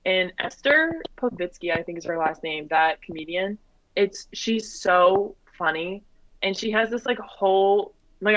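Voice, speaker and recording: A young woman in her twenties chatting casually as a comedian guest, full of fillers and quick laughs. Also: on the low side, fairly bright tone, no echo. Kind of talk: casual chat. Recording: dull lo-fi, dry.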